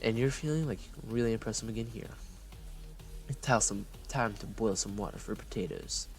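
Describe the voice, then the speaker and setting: A man's voice: on the low side, brisk, faint music behind. A man reading a story game aloud, playful and breaking off for jokes.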